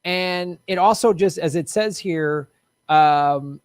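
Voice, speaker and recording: A man's voice: fairly high pitch, slow, clean tone, dry recording. A man co-hosting a casual political comedy chat, playful and chatty, often laughing. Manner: playful, laughing, slips into joke accents. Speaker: co-host.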